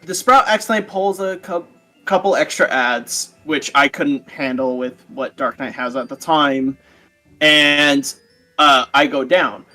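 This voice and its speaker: A man in casual late-night chat, telling a gaming story in an animated way and acting out the quotes. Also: fairly high pitch, measured pace, faint music behind. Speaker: gamer friend.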